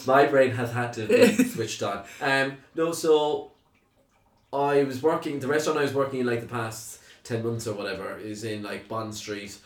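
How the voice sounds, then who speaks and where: A man's voice: medium pitch, normal speed. A young man with a strong Cork Irish accent, chatting casually and telling rambling stories full of fillers. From Ireland. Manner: rambling storyteller, lots of fillers. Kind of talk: casual podcast chat. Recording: roomy echo.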